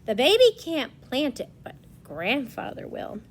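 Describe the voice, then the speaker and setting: A young woman reads a picture book aloud to small children, stopping to explain it in simple words. She speaks slowly and patiently, and her slightly high voice rises and falls expressively. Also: a little hiss or hum. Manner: slow, explanatory, expressive storytelling. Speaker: preschool teacher.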